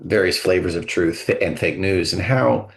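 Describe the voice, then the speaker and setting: A man hosts a podcast in casual chat, with a low voice and a strong gravelly fry. His delivery is friendly and measured. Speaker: podcast co-host.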